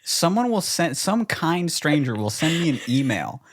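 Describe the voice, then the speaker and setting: A young man co-hosting a casual podcast, goofing around and cursing offhandedly. His voice swings widely in pitch as he rambles through stories. A faint noise sits under the recording. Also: very animated, normal speed. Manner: playful, joking, swears casually. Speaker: podcast co-host. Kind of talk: casual chat.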